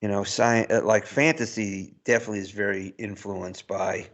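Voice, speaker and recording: Gravelly low-voiced man chatting. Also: fairly even intonation, normal speed, a bit bright. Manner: rambling, chuckles through points. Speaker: podcast co-host. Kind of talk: casual chat.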